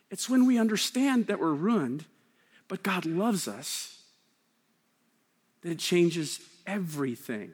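A man preaching a sermon, swinging between loud emphasis and hushed, slow lines. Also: high-pitched, very animated, breathy edge. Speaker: pastor. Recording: long hall reverb.

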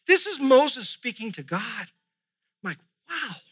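A male pastor preaching, reading scripture aloud with rising emphasis and dropping to soft, quiet asides. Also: very high-pitched, very animated, unhurried, husky. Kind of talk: sermon.

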